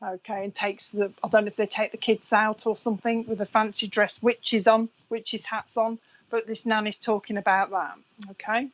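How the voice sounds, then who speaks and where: A woman's voice: mid-range voice, level tone, moderate pace, highs cut off. A woman who works as a psychic medium, giving a live reading. She chats away, passes on messages to viewers by name and laughs often.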